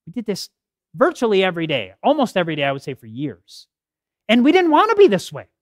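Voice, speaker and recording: A middle-aged man giving a health talk at a church podium, telling stories with lively acted quotes. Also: high voice, fast, no echo, studio quality. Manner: animated storytelling with acted quotes. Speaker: health seminar speaker. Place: church hall. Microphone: podium mic.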